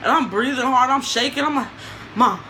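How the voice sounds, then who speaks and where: Young woman storyteller, casual vlog, bright and sharp voice, animated, slangy, faint background noise. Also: high voice, fast talker, poor audio.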